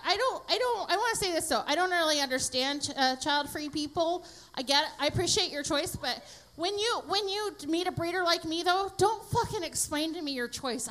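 A middle-aged woman performing stand-up in a high, bright register. She talks brashly and profanely, with a deadpan edge when she works the crowd. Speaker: stand-up comedian. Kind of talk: stand-up comedy set.

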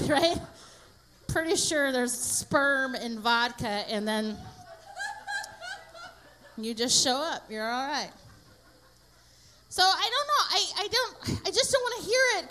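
A middle-aged woman doing a brash, profane stand-up comedy set with deadpan crowd work. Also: sits high, slight background noise.

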